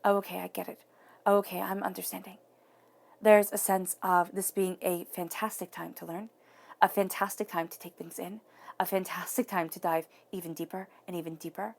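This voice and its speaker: A woman's voice: lowish voice, steady tone, a little fast, gravelly, darkish tone. A woman giving an earnest, encouraging tarot reading to viewers, repeating phrases for emphasis. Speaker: tarot reader.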